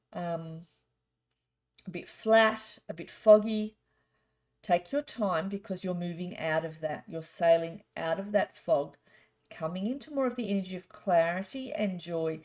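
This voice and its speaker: A middle-aged woman, a psychic telling chatty, rambling stories and doing a gently spiritual card reading. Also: fairly low pitch, measured pace. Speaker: psychic reader. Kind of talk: casual storytelling and card reading.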